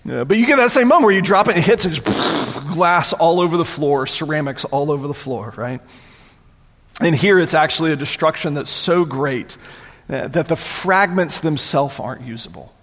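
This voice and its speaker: A man preaching a sermon as pastor, conversational and animated, often repeating words as he goes. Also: a little high, moderate pace, long reverb tail.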